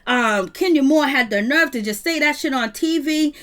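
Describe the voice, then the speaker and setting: High-voiced sassy woman gossiping. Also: normal speed. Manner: animated, gossipy, sassy commentary. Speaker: reality TV recap host. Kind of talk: live reality show review.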